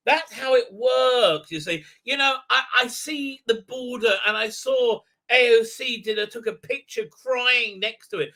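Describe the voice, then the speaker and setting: A man rambles through a sarcastic episode review, his voice pitched high and sharply bright. He halts constantly on filler words before pushing on with his next scornful point. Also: normal speed, hardly any pauses.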